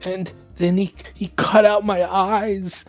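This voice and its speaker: A man voicing a terrified blinded male prisoner who stammers and breaks into high, pleading cries. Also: little pitch movement, slow, faint music behind. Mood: frightened.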